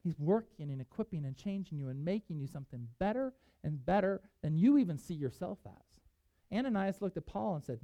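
Pastor, sermon, animated storytelling, reads scripture, dry close sound. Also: mid-range voice, fairly quick, no echo, lo-fi sound.

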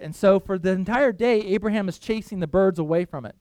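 A man's voice: high voice, brisk, few pauses, darkish tone, clear, resonant tone, no room sound. A man preaching a sermon in a church, telling stories with loose, chatty asides to the congregation.

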